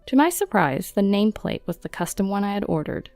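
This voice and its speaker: A woman narrating a first-person story in a steady, matter-of-fact way. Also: mid-range voice, brisk, hardly any pauses, no echo, faint music behind.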